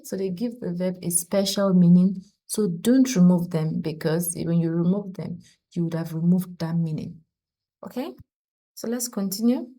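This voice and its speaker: A woman's voice: fairly low pitch, dark tone, low-quality recording. A woman teaching a French lesson, explaining patiently and repeating each conjugation aloud. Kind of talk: casual spoken lesson.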